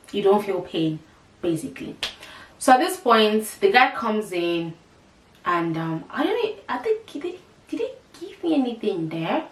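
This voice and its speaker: A woman's voice: medium pitch, fairly bright tone, slight background noise. A woman vlogger casually telling a personal story, retelling it dramatically with quoted dialogue. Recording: echoey room, mic at a distance.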